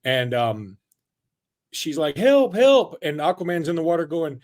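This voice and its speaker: A man's voice: fairly high pitch, moderate pace. A man co-hosting a sports podcast, joking loosely and rambling with fillers, then reading sponsor ads in the same easy way. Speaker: podcast co-host. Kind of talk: casual sports talk with ad reads.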